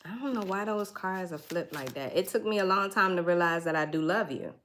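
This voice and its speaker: A woman's voice: lowish voice, a little fast, very noisy. A woman giving a casual tarot reading, thinking aloud in a chatty way and laughing now and then. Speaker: tarot reader.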